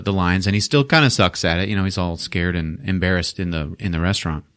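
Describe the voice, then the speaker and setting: A man's voice: deep voice, a little fast, few pauses, a bit bright, smooth. A man hosting a podcast, animatedly retelling a movie scene and laughing often, with casual swearing. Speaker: podcast host. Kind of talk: comedic movie recap.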